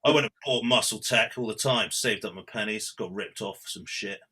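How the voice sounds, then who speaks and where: A man's voice: on the low side, a little fast, sharp tone, breathy edge. A man hosting a podcast, bantering and swearing casually. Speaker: podcast host.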